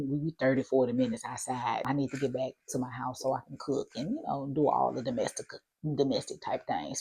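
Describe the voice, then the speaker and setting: A woman with a low, husky voice and a touch of gravel tells a personal story to her viewers. She speaks in a chatty, animated way and mimics the voices of the people in her story. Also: dry recording. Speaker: vlogger. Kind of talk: casual storytelling to camera.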